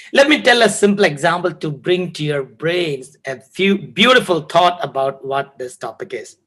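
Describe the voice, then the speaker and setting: A man teaching a live online lesson. He tells a lively story, acts out scenes and greets viewers. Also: a little high, poor audio.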